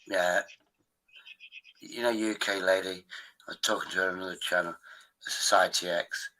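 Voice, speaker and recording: A man's voice: sits low, fairly even intonation, normal speed, pushed and bright, rough recording. A man hosting a live stream, rambling in a casual, profane way. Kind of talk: casual chat.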